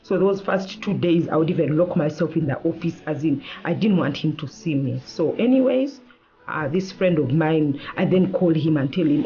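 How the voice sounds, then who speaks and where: A woman lawyer, a guest in an interview, telling a personal story in an animated way and acting out the lines of the people in it. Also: sits low, normal speed, highs cut off, slight background noise. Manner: animated, acts out quoted dialogue.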